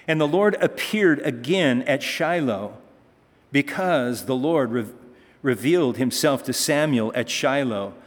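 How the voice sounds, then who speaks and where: A male pastor delivers a conversational sermon in a reverberant hall, reading scripture and then explaining it in a Bible-teaching style. His medium-pitched voice is expressive and a little slow, with emphatic passages.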